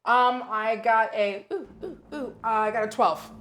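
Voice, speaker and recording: A woman's voice: a little high, a little slow, a bit bright. A woman playing a tabletop game, giggly and hesitant as she trails off mid-thought. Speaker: player. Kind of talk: casual tabletop play.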